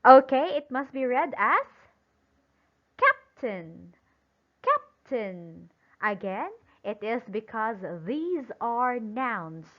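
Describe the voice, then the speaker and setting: Woman teacher drawing out example words real slow, high voice, kinda muffled audio. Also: animated. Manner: slow, emphatic, pausing for imagined student answers. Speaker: English teacher. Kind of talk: recorded classroom-style lesson. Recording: dull lo-fi sound.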